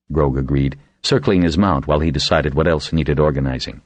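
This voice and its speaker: Deep-voiced man reading an audiobook. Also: fairly quick, hardly any pauses, no echo. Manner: reads with lively, varied intonation and raises his pitch for voiced quotes. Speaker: audiobook narrator. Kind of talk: scripted narration.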